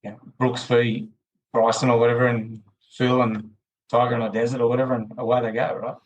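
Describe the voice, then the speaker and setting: A man's voice: mid-range voice, little pitch movement, brisk, poor audio. A man with an Australian accent, a podcast guest talking at length in a loose, rambling way full of restarts. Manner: rambling, many restarts and fillers. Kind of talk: casual interview chat.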